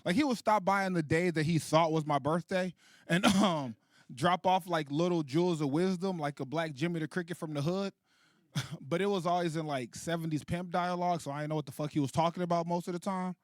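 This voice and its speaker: A man in his late thirties doing a stand-up comedy set, animated and profane, laughing at his own jokes. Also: a little high, a little fast, no echo, clean studio sound. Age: 30s. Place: comedy stage.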